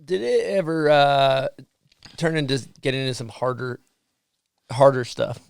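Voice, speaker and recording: A man co-hosting a podcast, asking halting, casual questions. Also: medium pitch, creaky, smooth, dry recording, studio quality. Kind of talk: casual interview.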